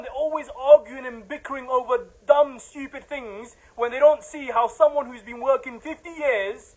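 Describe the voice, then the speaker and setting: A man's voice: very high-pitched, moderate pace, hardly any pauses, darkish tone, low-quality recording. A man giving an impassioned religious lecture, emphatic and repetitive, building to heated outbursts.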